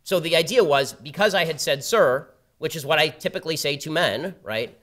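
A man giving a public talk at a campus event, telling a story in a rapid, sardonic way. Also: a little high, expressive, fairly bright tone. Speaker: guest speaker at a campus event. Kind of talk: public talk with a told anecdote. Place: university event before a live audience.

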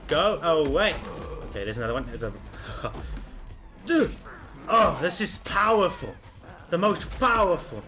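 A man commentating a game he is playing, excitable and often laughing while he talks to the characters on screen. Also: high voice, moderate pace, long pauses, over music. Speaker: gameplay commentator. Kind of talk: let's play commentary.

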